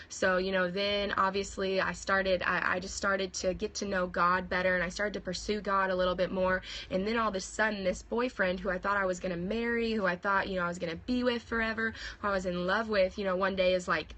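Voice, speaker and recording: Bright-voiced young woman sharing testimony. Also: mid-range voice, little pitch movement, fairly quick. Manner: earnest, conversational, with frequent fillers and restarts. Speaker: speaker giving a personal testimony. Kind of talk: personal testimony. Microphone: phone livestream.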